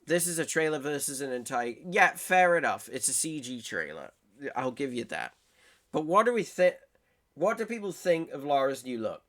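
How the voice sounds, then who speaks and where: A man's voice: a little high, big pitch swings, moderate pace, a bit bright. A man hosting a casual reaction video, gushing about game trailers, swearing often and restarting his sentences.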